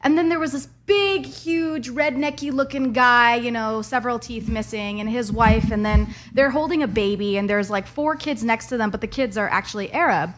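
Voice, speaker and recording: A woman who is a comedian, a guest on a talk show, telling a lively anecdote in casual chat. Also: on the high side, normal speed, few pauses, slight background noise.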